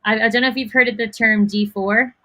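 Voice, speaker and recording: A young woman with a Dublin Irish accent, chatting as a guest on a video call, excitable and quick to laugh. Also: a little high. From South Dublin, Ireland. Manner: excitable, gushing, laughs often. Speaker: guest, actress. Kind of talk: casual chat on a video call.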